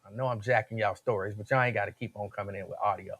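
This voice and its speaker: A man hosting a talk radio show, telling stories in an animated, slangy way. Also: fairly low pitch, quick pace, breathy edge.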